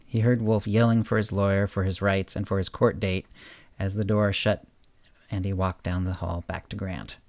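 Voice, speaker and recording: A man hosting a podcast, reading his own short story aloud in a steady narration. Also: low voice, normal speed, no echo. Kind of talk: audiobook-style story narration.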